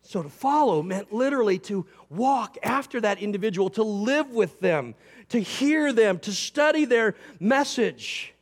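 A pastor preaching a sermon, explaining Greek grammar and acting out short quotes. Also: male voice, sits high, lively intonation, unhurried.

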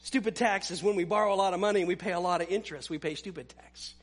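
A male pastor delivering a sermon, emphatic, dropping to hushed asides. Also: high voice, fairly even intonation, rapid-fire.

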